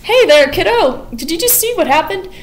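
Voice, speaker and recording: A cold, murderous barber, as a woman acts him out in a storytelling recap. He offers a shave with flat, offhand menace. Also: extremely high pitch, moderate pace, voice pushed up. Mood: menacing.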